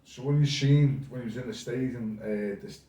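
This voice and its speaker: A man's voice: medium pitch, a little fast, mellow. A man hosting a casual interview, prompting his guest with short questions. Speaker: interview host. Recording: distant, roomy, dull sound.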